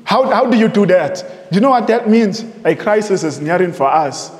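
Here a man with a high-pitched voice and moderate pace preaches, drawing on printed sources. He hammers his points home through repetition and rhetorical questions, and his words ring with long reverb in an echoey space.

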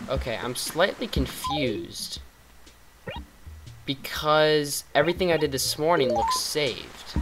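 A man giving casual let's-play commentary over a cozy life game, chatty and rambling. He teases the characters with playful sarcasm as he goes. Loud game music fills the background. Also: on the high side, expressive, slow pace, poor audio. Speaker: gaming vlogger.

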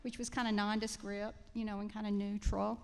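A middle-aged woman with a Southern Georgia accent, a writer on a panel, telling stories in a chatty way with halting restarts. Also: medium pitch, little pitch movement. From South Central Georgia. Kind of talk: panel discussion. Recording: reverberant lecture hall.

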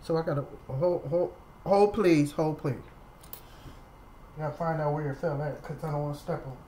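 A woman's voice: low voice, steady tone, normal speed, dark tone, a little hiss or hum, rough recording. A woman vlogger telling a casual story at home to the camera, chatty and repetitive, talking straight to her viewers. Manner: chatty, repeats herself, addresses viewers as y'all.

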